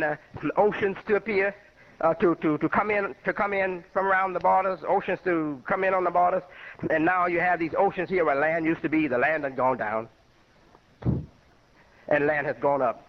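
An older man from Chicago with a notably high voice talks as an imam, rambling and conversational and full of personal stories. His voice comes through a muffled, lo-fi radio recording. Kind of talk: informal spoken lecture.

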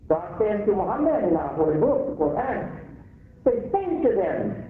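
A man with an African American accent preaching a sermon, repeating phrases with rising emphasis. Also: extremely high pitch. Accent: African American English. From United States. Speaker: imam. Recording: echoey room over a phone-like line.

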